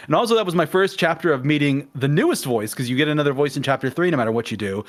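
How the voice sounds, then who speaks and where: A man's voice: a little high, very fast. Man retelling a game, acting out quotes. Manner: animated storyteller acting out quotes. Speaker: guest in a game discussion. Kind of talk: casual conversation.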